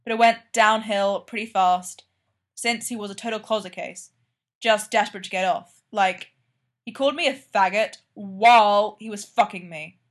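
A woman's voice: mid-range voice, moderate pace, close to an everyday voice. A woman reading aloud, voicing a blunt young man who swears casually and sounds weary in a fan fiction story. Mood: candid.

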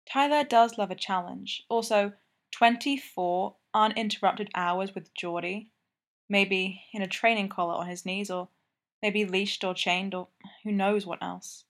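Woman narrating a story, even and intimate. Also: medium pitch, unhurried. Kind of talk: scripted narration.

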